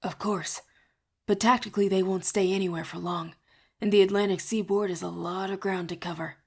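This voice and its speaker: Lady reading as a wry tough fighter woman, brisk and teasing, a bit gravelly. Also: medium pitch, steady tone, a little mellow.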